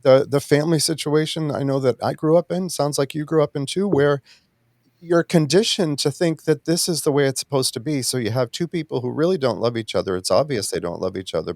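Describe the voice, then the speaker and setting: Casting: male host, mid pitch, thoughtful, dry and close. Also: a little mellow, no room sound. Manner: reflective, halting. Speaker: podcast host. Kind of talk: casual chat.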